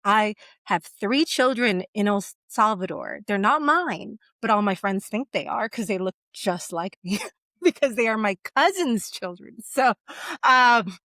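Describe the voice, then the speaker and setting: A young woman co-hosting a casual book discussion, animated, slipping into voices for characters. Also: mid-range voice, measured pace, no echo. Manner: animated, acts out characters in quoted asides. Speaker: podcast co-host.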